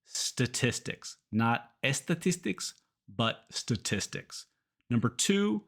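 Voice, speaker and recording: Guy from teaching english pronunciation, really slow and careful, says each word over a couple times, mid pitch. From Kentucky, United States. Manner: slow, careful modeling of words, repeating them for learners to copy. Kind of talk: pronunciation lesson.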